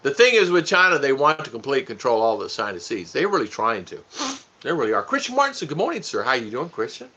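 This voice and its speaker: A man's voice: medium pitch, big pitch swings, fast, sharp tone, breathy edge. A man co-hosting a casual live stream, joking with his wife and greeting viewers by name. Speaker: vlog co-host. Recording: dull lo-fi sound.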